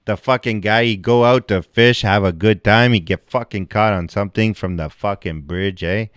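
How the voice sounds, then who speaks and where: A man putting on a French-Canadian accent to voice a blunt, swearing man, drawn out slowly. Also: on the low side, a bit bright, smooth, no echo, studio quality, close to an everyday voice. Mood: mocking. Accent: French Canadian, put on.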